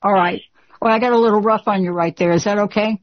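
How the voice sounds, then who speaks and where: Woman, call-in show host; direct and emphatic, mid-pitched, a little dull on the recording. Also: steady tone, quick pace.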